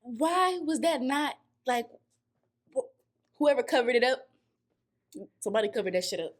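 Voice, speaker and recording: High-voiced woman gossiping bluntly. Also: big pitch swings, moderate pace. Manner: blunt, profane, gossipy storytelling. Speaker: reaction video co-host. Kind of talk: casual reaction chat.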